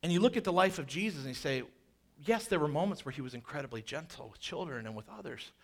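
Male pastor, sermon delivery, animated and joking, a fairly high voice. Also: fast. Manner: animated, jokey asides, acts out quoted voices.

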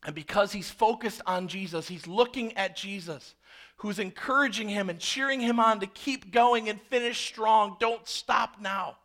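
A man with a high-pitched voice delivers a sermon. He preaches dramatically, sinking to hushed, slow lines and then rising to loud, intense ones.

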